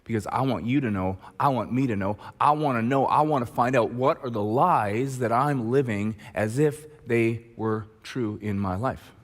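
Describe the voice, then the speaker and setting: A man's voice: mid-range voice, normal speed, hardly any pauses, in a large hall. A male pastor preaching in a conversational manner, often tossing rhetorical questions to the congregation. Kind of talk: sermon. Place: church auditorium.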